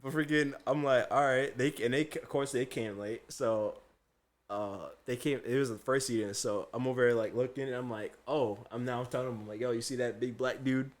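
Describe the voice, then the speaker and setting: A young adult man, a chef who co-hosts a podcast, speaks fairly quickly at medium pitch while telling a story in casual conversation. He's an animated storyteller who acts out the people he quotes and often bursts out laughing.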